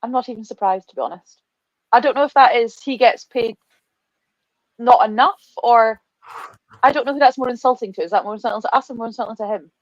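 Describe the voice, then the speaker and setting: A woman chimes in on a casual podcast with quick mock-indignant jokes. Her voice is fairly high. She comes through dry and dull, like a lo-fi call. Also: dry recording.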